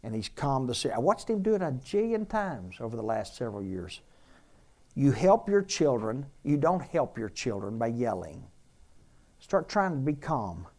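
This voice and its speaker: A man's voice: mid-range voice, very animated, moderate pace, a little mellow. A man, a pastor, preaching a sermon in a conversational way and repeating key phrases for emphasis.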